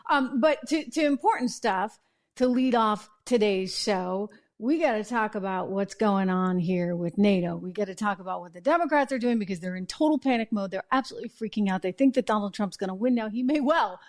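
A woman hosting an opinionated political commentary show, chatty and sarcastic, with quick asides and self-corrections. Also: mid-range voice.

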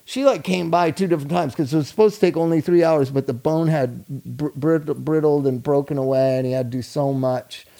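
A man's voice: on the high side, steady tone, brisk, creaky, few pauses, warm tone. A man in casual chat, telling a story animatedly and acting out the people in it.

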